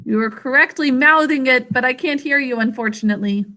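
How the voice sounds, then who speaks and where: High, bright slow-speaking woman teacher. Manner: slow, deliberate, sounds out syllables. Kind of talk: teaching a spelling lesson to children.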